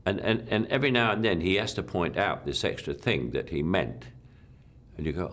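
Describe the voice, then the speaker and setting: Older man with a very deep voice. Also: animated, moderate pace. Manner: rambling, repeats words, soft trailing asides. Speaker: actor being interviewed. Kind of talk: reflective interview talk.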